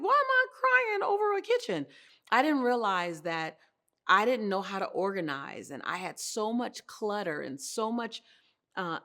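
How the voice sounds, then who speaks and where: Brief: woman motivational host, animated and expressive, laughs easily, talking to camera on an indoor set. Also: on the low side.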